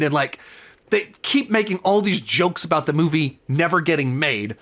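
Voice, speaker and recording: A man with a fairly high speaking voice hosts a loose, unscripted film review. He rambles enthusiastically and keeps restarting his sentences as new thoughts come to him. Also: animated, a bit bright. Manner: enthusiastic, rambling, quick self-corrections. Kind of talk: casual spoiler review talk.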